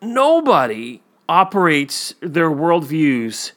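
Co-hosting a casual chat about a TV episode, this man rambles through stories packed with fillers and acts out the quotes. His voice is slow, a little high, slightly bright and sing-song.

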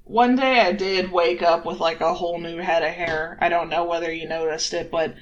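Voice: mid-range voice, fairly even intonation, normal speed, lo-fi sound, slight background noise, close to an everyday voice. A player voicing a worried, guilt-ridden elf adventurer in a tabletop game, rambling with many fillers. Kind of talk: in-character tabletop play.

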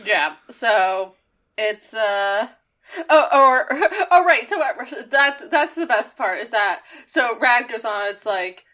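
A woman's voice: fairly high pitch, animated, takes it slowly, pushed and bright. A woman co-hosting a casual chat, laughing often and swearing while she retells scenes. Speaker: podcast co-host.

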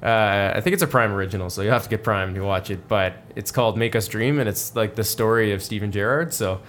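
Male podcast co-host, lowish voice, casual and meandering, faint noise behind. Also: fast. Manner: relaxed, rambling with fillers. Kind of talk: casual chat.

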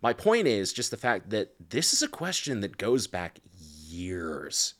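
A woman's voice: rumbling low, big pitch swings, a little slow. A woman in casual chat, teasing her co-host and laughing along.

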